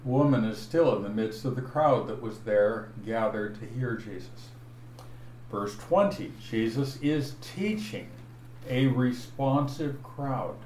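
A man preaching an expository Bible sermon, teaching slowly and deliberately and stressing each verse he points to. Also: medium pitch, animated, a little mellow. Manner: slow, deliberate teaching with emphatic verse references. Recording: echoey room, voice from afar, faint noise.

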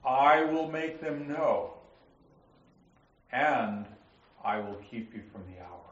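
A man's voice: medium pitch, animated, slow pace, roomy sound, muffled recording. A man teaching a Bible class, explaining grammar step by step and reading passages aloud to students. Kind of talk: classroom lecture on scripture grammar.

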